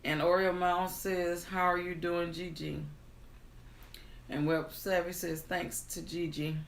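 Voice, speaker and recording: A woman hosting a live stream, greeting viewers, reading their comments aloud in an unhurried, friendly way, then starting a storybook tale. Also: on the low side, little pitch movement, creaky, roomy sound. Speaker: livestream storyteller host.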